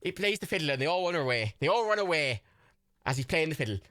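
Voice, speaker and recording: A man co-hosting a livestream chat about films, his voice bright and lively, swinging widely in pitch. He jokes and laughs often, talking casually into a home streaming mic. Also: fast talker. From Ireland. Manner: animated, laughs often, jokey. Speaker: livestream co-host.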